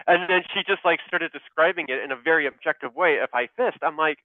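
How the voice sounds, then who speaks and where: Man, interview guest, halting storytelling, lots of fillers, tinny phone-like sound, dry. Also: a little high, no echo. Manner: halting, many fillers and restarts, laughs through stories. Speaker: guest, clinical pharmacist.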